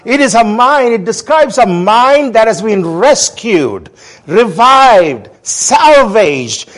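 A man delivers a sermon with a high voice that leaps up and down. He drives points home with emphatic repetition and calls the congregation to answer back. He sounds like a guest preacher speaking in a church. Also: big pitch swings, slow, fairly bright tone. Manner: emphatic call-and-response preaching.

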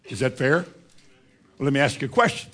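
A man preaching a sermon, asking his listeners questions and moving between loud, raised lines and quiet, hushed ones. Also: medium pitch, very animated, fairly quick.

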